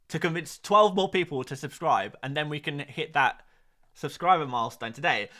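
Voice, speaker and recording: A man hosting a fantasy football live stream, reading out viewer questions and chatting in an excitable, jokey way. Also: on the high side.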